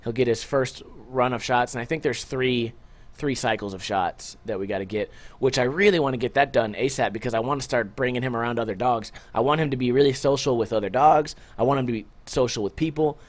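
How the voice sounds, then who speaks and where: A man's voice: medium pitch, brisk. A man hosting a podcast alone, rambling casually and joking with a lot of swearing, short on sleep. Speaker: podcast host. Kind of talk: casual solo podcast chat.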